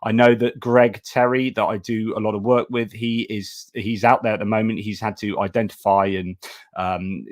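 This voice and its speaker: Hosting a live stream over a video call, a man chats casually and thanks supporters, restarting often and using many fillers. His low-leaning voice keeps a level tone at a normal speed. The sound is studio quality with no echo.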